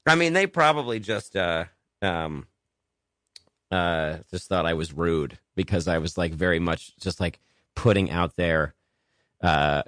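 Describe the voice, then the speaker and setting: Lively young man hosting a radio show. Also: low voice, unhurried, dry recording, clean studio sound. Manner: animated storyteller, acts out quotes. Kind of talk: casual comedic radio chat.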